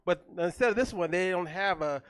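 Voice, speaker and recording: A man hosting a comedy show on a theater stage, loud and hyped, working the crowd with animated banter into a stage mic. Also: high voice, fairly quick, smooth, no room sound.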